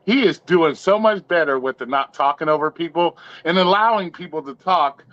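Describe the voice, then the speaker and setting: A man's voice: fairly high pitch, normal speed, a bit bright, no echo. A man hosting a casual live-stream chat, joking and swearing in a laid-back way. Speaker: show host. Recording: dry, dull lo-fi sound.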